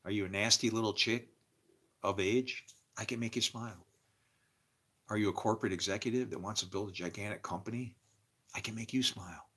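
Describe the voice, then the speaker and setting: An older man hosting a casual livestream, rambling, emotional and laughing often, swinging between loud and quiet. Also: lowish voice, slightly rough. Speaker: livestream host.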